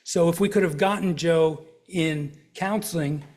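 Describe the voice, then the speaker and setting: Middle-aged male counselor, slightly higher voice, chatty lecture style, talks to the crowd in front of him. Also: unhurried, a little mellow. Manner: conversational, asks the audience questions and uses examples. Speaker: counselor giving a health talk. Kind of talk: live lecture to an audience. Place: lecture room before a live audience.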